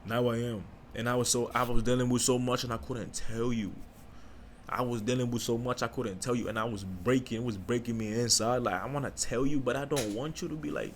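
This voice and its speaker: A man talks through a raw personal confession on his podcast. He is halting and emotional, keeps restarting his sentences, and slips into casual slang. His pitch sits in a middling range, and faint noise hums in the background. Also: fairly even intonation. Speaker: podcast host. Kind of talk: candid personal monologue.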